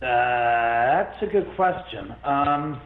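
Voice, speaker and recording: A man telling a long story as an interview guest, rambling and animated, with many restarts. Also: medium pitch, takes it slowly. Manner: rambling, animated, full of restarts and self-quotes. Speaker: guest, haunted-house owner. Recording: phone-like line in an echoey room.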